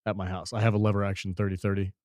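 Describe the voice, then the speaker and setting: A man's voice: sits low, little pitch movement, very fast, a little mellow, dry recording, clean studio sound. A man co-hosting a gaming podcast in casual chat, laid-back and prone to swearing and laughing. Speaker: podcast co-host.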